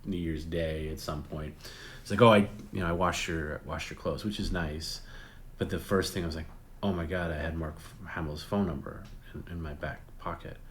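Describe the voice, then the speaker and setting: A middle-aged man hosting a show, casually telling an animated, profane and self-deprecating anecdote. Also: low-pitched. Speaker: host. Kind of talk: casual storytelling.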